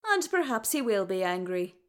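A woman reading the part of a gruff, warm-hearted male dwarf warrior in a fan story read aloud. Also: medium pitch, very animated, normal speed, close to an everyday voice. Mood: fond. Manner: gruff, fond.

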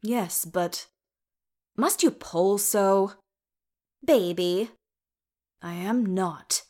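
A woman voicing a proud, stubborn wounded dwarf king who talks in a gruff, indignant way. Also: medium pitch, very slow, darkish tone.

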